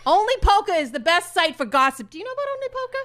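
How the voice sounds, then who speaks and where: A woman putting on a blustering male poker show host who circles back on every sentence and keeps plugging his sponsor. The voice sits high and sounds bright and pointed, a comedic impression of a self-important showman. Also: very animated, rapid-fire, exaggerated voice. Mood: rambling bluster. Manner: rambling, repetitive, mock sponsor plugs.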